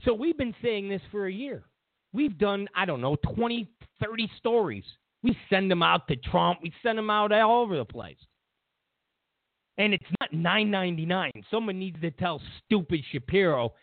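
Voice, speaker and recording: A man's voice: high voice, lively intonation, moderate pace, dry recording. A man hosting a political commentary show, ranting in an incredulous way and repeating himself as he builds his points. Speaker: host. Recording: tinny phone-like dry sound.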